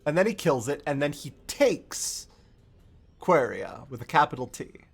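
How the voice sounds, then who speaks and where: Animated, profane man streamer. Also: a little high, a little slow, creaky, slightly rough. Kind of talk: comedic game-lore recap.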